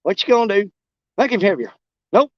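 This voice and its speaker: A man, chatting casually and excitably in a fishing vlog, folksy and joking. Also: sits high, fairly quick, no room sound, muffled recording. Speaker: fishing vlogger. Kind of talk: casual outdoor vlog chat.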